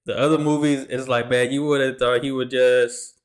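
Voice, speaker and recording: A man hosting a reaction video, talking in a relaxed, slangy, loose way. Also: mid-range voice, moderate pace. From Texas, USA. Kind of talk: casual reaction commentary.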